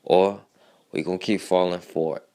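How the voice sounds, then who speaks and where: A man's voice: low-pitched, fairly even intonation, unhurried, warm tone. A man hosting a talk radio show, giving earnest commentary to his listeners.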